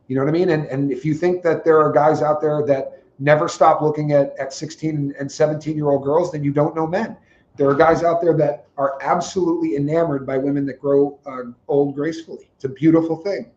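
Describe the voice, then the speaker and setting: A man co-hosting a podcast, laying out his views with confident examples. His voice sits a little high for a man. The recording sounds roomy and echoey, with a dull, lo-fi tone. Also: steady tone, brisk, a little mellow. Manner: opinionated, explains with examples. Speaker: podcast co-host. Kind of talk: casual chat. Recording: echoey, dull lo-fi room audio.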